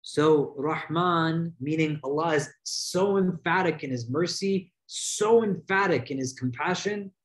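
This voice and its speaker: A man, an imam, teaching a religious lesson in an emphatic way, dropping his voice low and slowing down on key words. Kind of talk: religious lecture.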